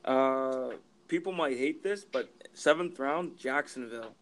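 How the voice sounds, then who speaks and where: A young man co-hosting a podcast in casual sports chat, rambling with halting restarts and casual swearing. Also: mid-range voice, a bit bright. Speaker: podcast co-host.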